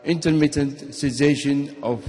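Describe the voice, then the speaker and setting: Male physician at a conference lectern, slightly higher voice, long hall reverb, steady explainer. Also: a little slow. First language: Arabic. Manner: explanatory, steady, sometimes restarts and repeats words. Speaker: physician giving a conference talk. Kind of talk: medical conference lecture. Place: lecture hall.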